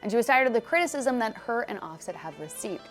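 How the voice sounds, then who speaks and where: A woman's voice: on the high side, lively intonation, quick pace, faint music behind. A young adult woman hosting an entertainment news show, presenting stories in a chatty, breezy way with personal asides. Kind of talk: upbeat scripted news presenting.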